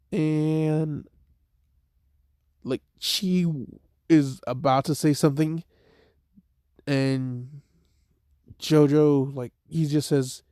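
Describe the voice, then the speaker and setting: Slow rambling young man telling a story. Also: fairly high pitch, fairly even intonation, mellow, dry recording, studio quality. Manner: rambling, heavy "like" and "type shit" fillers. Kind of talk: casual improvised fan-story retelling.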